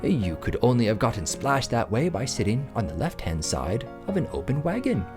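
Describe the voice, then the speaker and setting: A man reading aloud who voices a sharp, calm Victorian detective in an attempted British accent, with brisk, precise, gently reassuring speech. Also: medium pitch, over music, lightly acted. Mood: confident.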